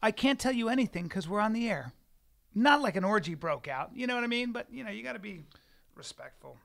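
Man in his forties, high voice, gravelly, rambling profane storyteller, podcast co-host. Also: expressive, brisk, fairly bright tone. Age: 40s. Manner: rambling, profane anecdote-telling with restarts. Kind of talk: casual chat, storytelling. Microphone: studio mic.

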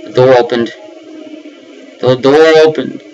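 A young man narrates his way through a horror game, jumpy and nervous, often spilling into panicked repeated words. He talks slowly in a plain mid-range voice. A faint background hiss sits under his voice. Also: medium pitch, steady tone, darkish tone, muffled recording. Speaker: let's play gamer.

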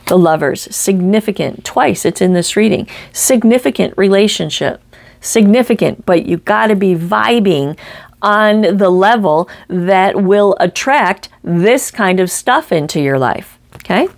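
A woman reads tarot cards in a spoken monologue. She talks with emphatic, blunt energy and keeps checking in with the listener. She drops the odd casual curse, and her voice sits at a middle pitch for a woman. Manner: emphatic, frequent "right?" and "okay?" check-ins. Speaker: psychic tarot reader.

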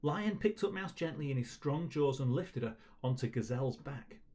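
A man reading a storybook to children at a school assembly, gentle and encouraging in his delivery. His voice sits at an ordinary pitch and stays warm in tone, paced for young listeners. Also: expressive, normal speed. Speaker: teacher leading an online school assembly.

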